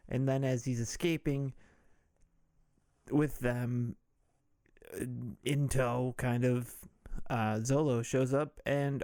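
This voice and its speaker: A man's voice: mid-range voice, little pitch movement, measured pace, pauses often, warm tone, clean tone, no room sound, studio quality. A man hosting a podcast, recapping a movie casually with irreverent jokes and swearing. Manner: irreverent, jokey, swears freely. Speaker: podcast host.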